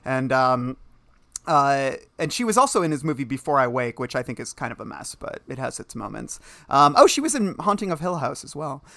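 A man co-hosting a casual podcast about a film, animated and quick to laugh. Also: medium pitch, creaky, no echo. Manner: animated, laughs often, mimics the actors he discusses. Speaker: podcast co-host.

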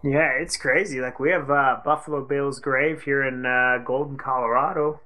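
A woman's voice: a bass voice, fairly even intonation, moderate pace, pushed and bright. A woman co-hosting a radio show, chatting playfully and cracking jokes. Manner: playful, jokey, puts on silly voices. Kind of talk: casual radio banter.

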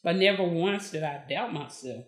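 A woman's voice: fairly low pitch, normal speed, echoey room. A woman, a podcast guest telling her story in casual conversation, acting out what people said. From Texas. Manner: lively, acts out quoted dialogue.

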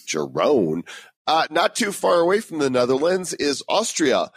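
A man's voice: fairly high pitch, wildly swooping pitch, a little slow, husky, no room sound. A middle-aged man co-hosting a casual podcast, joking and reading listener reviews aloud. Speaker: podcast co-host.

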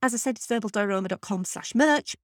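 A woman's voice: on the high side, quick pace, dry recording, studio quality. A woman hosting a film podcast, chatty and enthusiastic as she wraps up the episode with announcements. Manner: chatty, enthusiastic, self-deprecating. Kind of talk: scripted podcast outro. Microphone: podcast microphone.

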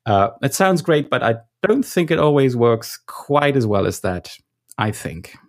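A man's voice: mid-range voice, big pitch swings, a little slow. A man hosting a podcast, guiding the discussion in a conversational way. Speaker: podcast host. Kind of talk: casual discussion.

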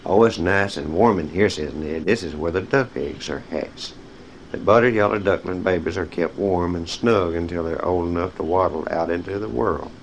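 Low-voiced man reading picture books aloud. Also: moderate pace, a little hiss or hum, poor audio. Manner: speaks directly to young listeners, cueing page turns. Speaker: storyteller. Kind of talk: reading children's stories aloud.

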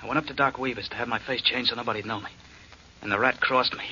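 A desperate pleading prisoner. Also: male voice, medium pitch, steady tone, fast talker, bright, forceful tone, slight background noise. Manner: pleading and urgent. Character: desperate man wrongly jailed, pleading. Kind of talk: 1940s radio acting. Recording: dull old radio recording.

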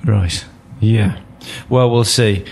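A man's voice: fairly low pitch, steady tone, extremely slow, vocal fry, darkish tone, a little hiss or hum. A man hosting a casual sports podcast, steering the chat with dry joking asides. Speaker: podcast host.

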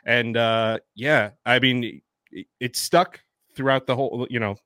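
A man's voice: mid-range voice, fairly even intonation, sharp tone, dry recording. Hesitant man host, dry sound. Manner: halting, many fillers and restarts, fan-like. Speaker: podcast host. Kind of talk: casual chat.

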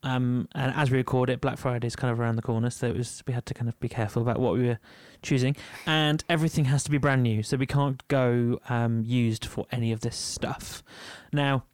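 A man's voice: mid-range voice, fairly even intonation, a little fast, hardly any pauses, a little mellow, no room sound. A man with a Yorkshire accent co-hosting a music podcast in casual chat, full of ums and little laughs. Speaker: podcast co-host.

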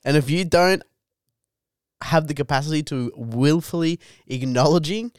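A man's voice: a little high, moderate pace, smooth, dry recording, clean studio sound. A young Australian man co-hosting a podcast, bantering crudely with mock-solemn flourishes. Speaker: podcast co-host. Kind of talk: casual banter.

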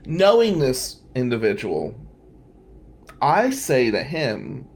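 A man's voice: medium pitch, huge pitch swings, takes it slowly, slightly rough. A man from New Jersey, a defense lawyer, telling a wry, self-mocking story in a casual podcast chat.

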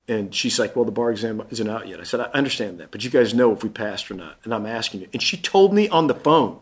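A man's voice: on the low side, lively intonation, quick pace, few pauses, slightly rough. A man in his fifties, a guest on an interview, telling his story in a casual way and acting out the voices of the people in it.

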